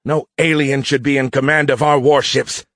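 A man voicing an arrogant young male cadet leading a mutiny, sneering and shouting his lines in an audiobook. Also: mid-range voice, little pitch movement, dry recording, clean studio sound, pitched above the performer's own voice, lightly acted. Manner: shouting, sneering, drawn-out words.

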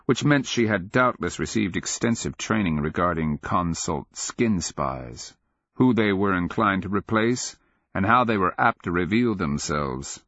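A man with a very deep voice reads a fantasy novel in a measured, grave and steady way. The booth is completely dry, and the sound is a touch muffled. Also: no room sound. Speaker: audiobook narrator. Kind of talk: scripted narration.

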